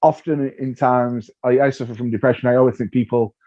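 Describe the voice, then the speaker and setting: A man, a comedian being interviewed, telling stories in a lively way, acting out what people said and laughing often. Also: mid-range voice, fairly quick. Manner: animated storyteller, acts out voices, laughs often. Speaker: comedian guest. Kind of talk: casual interview chat. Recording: dull lo-fi sound.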